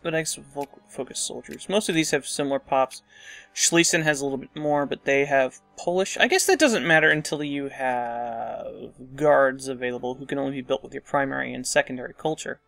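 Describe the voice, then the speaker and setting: A man's voice: medium pitch, brisk, creaky, fairly bright tone, dry recording, faint music behind. A man casually commenting on a strategy game as he plays, thinking aloud and muttering asides to himself. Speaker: let's play host.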